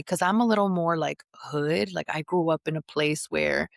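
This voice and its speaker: A woman's voice: sits low, fairly even intonation, a little fast, gravelly, few pauses, dry recording, studio quality. A woman guest on a podcast, candidly telling a long personal story in blunt, slangy casual chat.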